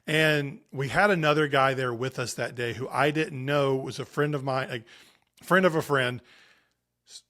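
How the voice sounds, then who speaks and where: A man's voice: medium pitch, normal speed, bright, forceful tone. A man in his late thirties, a podcast guest on sports parenting, telling stories and giving advice in an earnest, emphatic way with frequent restarts. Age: 30s. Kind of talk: conversational interview.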